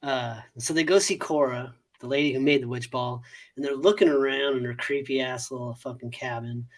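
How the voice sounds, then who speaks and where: A man co-hosting a casual movie review podcast, animated and profane, often laughing and acting out scenes. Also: medium pitch, a little fast. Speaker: podcast co-host.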